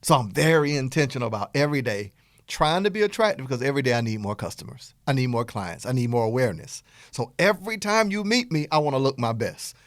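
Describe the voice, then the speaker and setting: Male middle-aged podcast host with a Southern accent, animated motivational coaching tone, very lively pitch, dry recording. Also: dry recording. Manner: animated, playful, acts out dialogue in quotes. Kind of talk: energetic motivational talk.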